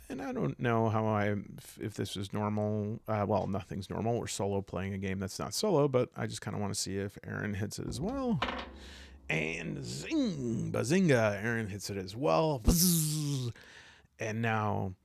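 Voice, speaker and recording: A man's voice: fairly low pitch, lively intonation, normal speed, gravelly, few pauses, a little mellow. A man playing a tabletop game solo, chatting casually and rambling with humorous asides.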